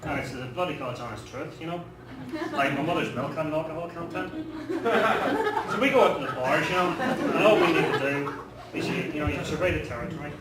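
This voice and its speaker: Northern Irish stand-up comic, rambling and self-deprecating, heard from a distance in a noisy roomy club. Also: male voice, fairly high pitch, brisk. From Northern Ireland. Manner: rambling, self-deprecating storytelling with many fillers. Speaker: stand-up comedian. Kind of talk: stand-up routine. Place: comedy club stage. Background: audience laughter.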